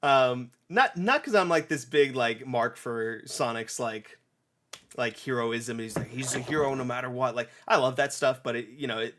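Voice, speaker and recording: A young man hosting a casual review chat, retelling a game's story with lively acted-out snatches of dialogue. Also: medium pitch. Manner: animated, acts out characters in quick snatches, many restarts. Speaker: game reviewer. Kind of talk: casual podcast chat, retelling a game plot.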